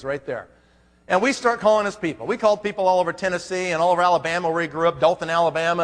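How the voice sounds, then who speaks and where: A man's voice: sits high, a bit bright. A man speaking at a business conference, telling a story from the stage and acting out both sides of his phone calls. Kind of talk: motivational conference talk. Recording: long hall reverb.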